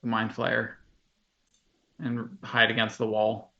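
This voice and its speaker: A man's voice: mid-range voice, completely flat delivery, slow, vocal fry, pushed and bright, muffled recording. A man playing a tabletop game, describing his turn plainly. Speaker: player. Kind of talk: casual tabletop play.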